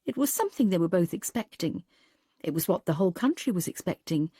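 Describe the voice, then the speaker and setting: A woman narrating an audiobook in a calm, even storytelling manner. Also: fairly low pitch, fairly quick, husky, no echo, studio quality. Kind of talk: scripted narration.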